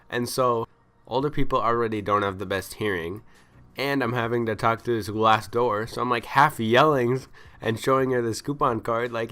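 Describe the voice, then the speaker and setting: A man ranting in casual storytelling, exasperated and complaining, acting out the people he met in quick quoted lines. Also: medium pitch, fairly even intonation, sharp tone, smooth. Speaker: vlogger.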